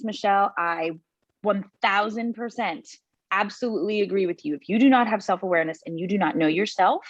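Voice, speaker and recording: A woman speaking as a guest on a video call, giving a motivational talk in an energetic, emphatic way and repeating points for effect. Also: medium pitch, dry recording.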